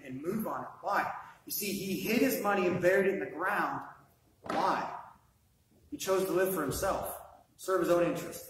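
A man's voice: on the high side, a little hiss or hum. A man preaching a sermon in a conversational way, with asides and rhetorical questions to the congregation. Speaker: pastor. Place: church sanctuary. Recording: echoey room, voice from far off.

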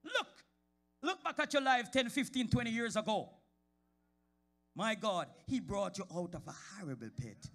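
Preaching in a church sanctuary, a man moves from quiet talk to shouted high points and calls congregation members out by name. He's expressive, speaks at a normal speed, and pauses often.

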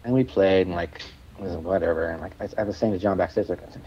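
A man's voice: deep voice, quick pace, highs cut off, slight background noise. A man guest telling rambling stories in a casual interview, stammering, restarting and swearing freely. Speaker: musician guest.

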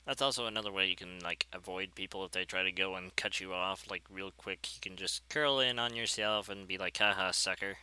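A man talks loosely over his own gameplay, wandering off on tangents and perking up at the good moments. His voice is very bright and crisp. The sound is dry and close. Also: low voice, fairly quick, hardly any pauses, no room sound, rough recording. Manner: rambling, self-deprecating, easily excited. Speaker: gameplay video creator. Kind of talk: casual gameplay commentary.

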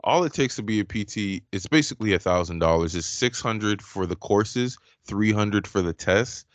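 A man's voice: lowish voice, expressive, moderate pace, dry recording. A man co-hosting a podcast, chatting casually and jokingly, with lots of slang. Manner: laid-back and joking, with slang like "man", "bro" and "yous". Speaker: podcast co-host. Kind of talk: casual chat.

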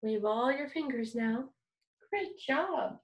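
High-voiced cheerful kindergarten music teacher. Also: female voice, expressive, echoey room. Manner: bright, encouraging, sings slowly with exaggerated voice play. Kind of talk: kindergarten music lesson, singing and speaking to children.

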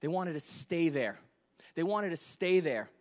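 A man in his thirties preaching a sermon, joking with the congregation and swinging between loud bursts and quiet asides. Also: on the high side, lively intonation, measured pace. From Delaware, US. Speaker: pastor.

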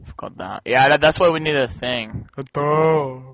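A young man playing a video game with a friend, chatting casually, excitable and swearing as he cheers the game on. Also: mid-range voice, moderate pace, no echo. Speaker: game co-player. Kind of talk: casual let's-play chat. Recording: dull lo-fi dry home recording.

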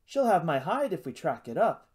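A man's voice: a little high, very animated, moderate pace, darkish tone, breathy edge, voice pushed up. A man voicing an anxious teenage prince.

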